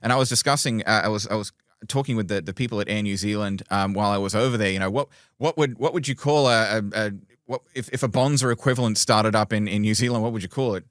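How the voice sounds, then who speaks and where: A man co-hosting an aviation podcast in a low, smooth and resonant voice. He talks casually, stopping and restarting often. The sound is dry and close. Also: quick pace, a bit bright, no echo. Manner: hesitant, many restarts. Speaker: podcast co-host, aviation journalist.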